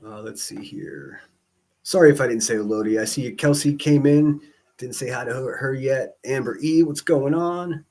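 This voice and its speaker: A man chats on a livestream at an ordinary mid pitch. He rambles from one thing to the next, swearing freely and dropping jokey asides. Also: steady tone, normal speed, warm tone. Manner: rambling, profane, joking asides. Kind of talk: casual livestream chat.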